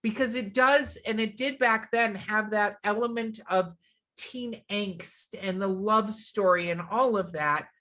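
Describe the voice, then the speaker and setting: Bright-voiced chatty woman podcaster. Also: medium pitch, measured pace. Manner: chatty, enthusiastic, trails off searching for names. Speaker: podcast co-host. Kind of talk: casual chat.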